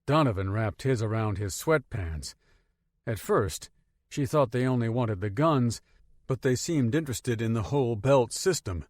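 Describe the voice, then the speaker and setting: A man narrating an audiobook in an expressive storytelling manner, close to the mic. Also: mid-range voice, unhurried, dry recording. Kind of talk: scripted narration.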